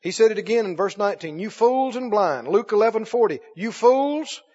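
A male preacher giving a sermon, emphatic and swinging between loud and hushed. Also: high voice, expressive, normal speed. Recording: dull echoey hall recording.

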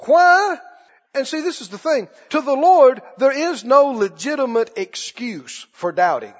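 A man with a very high, expressive voice preaches a sermon at an unhurried pace, emphatically repeating phrases and calling on the congregation to answer back. The recording is dull and lo-fi, with long hall reverb.

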